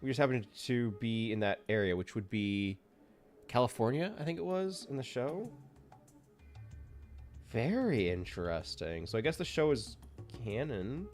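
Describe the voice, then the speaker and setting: Excitable man streaming a game. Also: medium pitch, normal speed, soft background music. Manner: excitable, exasperated, self-mocking. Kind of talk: live gameplay commentary.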